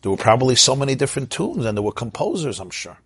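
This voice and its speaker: A man's voice: mid-range voice, very animated, fast talker, slight background noise. A man teaching an informal Torah class, telling stories, asking his listeners questions and chanting Hebrew verses.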